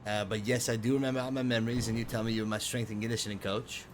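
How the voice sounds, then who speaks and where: A man's voice: lowish voice, level tone, racing, slight background noise. A man talking in character in a roleplay game, friendly and easygoing, often a little confused. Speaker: roleplay character, business owner.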